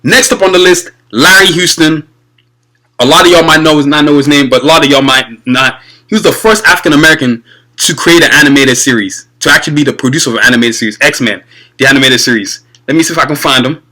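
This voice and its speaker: A young man hosting his own show, chatting casually and excitedly to his viewers about cartoons, rambling and calling them y'all. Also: on the high side, quick pace, low-quality recording. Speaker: video podcast host. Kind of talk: casual fan commentary.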